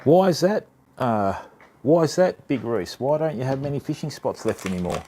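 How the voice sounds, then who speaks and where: A man's voice: medium pitch, very animated, moderate pace, dark tone, a little hiss or hum. A young Australian man streaming live, chatting casually to viewers while demonstrating.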